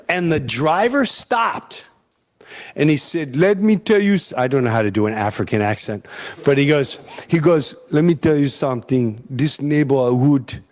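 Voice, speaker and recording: A middle-aged man delivers an impassioned monologue. His voice sits fairly high and climbs into loud, sarcastic peaks as he repeats his points. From Long Island, New York. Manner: builds to loud rhetorical peaks, sarcastic repetition. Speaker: podcast speaker.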